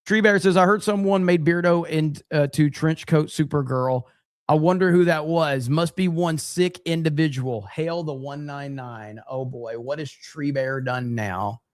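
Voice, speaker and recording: A man hosts a casual livestream, reading viewer super chats aloud and answering them with joking exasperation. His voice sits slightly high for a man. The sound is close and dry, with little room around it. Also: measured pace, no room sound. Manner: jokey, exasperated reactions, reads viewer messages aloud.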